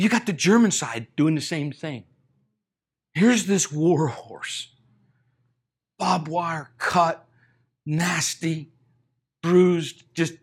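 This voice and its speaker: A middle-aged man preaching a sermon, retelling a story and acting out the characters' lines, building to loud, emphatic peaks. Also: a little high, husky. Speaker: pastor.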